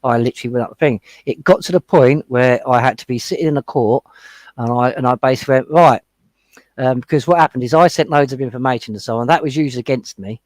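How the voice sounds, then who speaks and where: A man on a panel discussion, talking fast and heatedly as he retells his own run-ins in casual chat. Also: medium pitch, no echo. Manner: heated, retelling confrontations with quoted exchanges. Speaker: panel guest.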